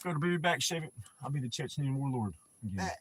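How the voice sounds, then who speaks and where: A man's voice: medium pitch, very animated, quick pace, fairly bright tone, a little hiss or hum. A middle-aged man hosting a casual live stream, laid-back, swearing freely and laughing often. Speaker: livestream host.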